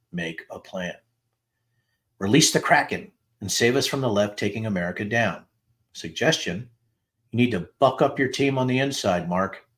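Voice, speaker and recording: Middle-aged male host, lowish register, reads messages aloud: flat dates, then quotes leaned on for emphasis. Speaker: podcast host reading text messages aloud. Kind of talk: dramatic reading of texts with asides.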